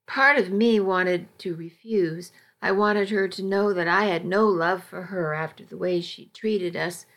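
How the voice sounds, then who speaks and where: A woman reading a first-person story aloud in a measured, even storytelling delivery. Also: mid-range voice. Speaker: audiobook narrator. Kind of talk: first-person scripted narration.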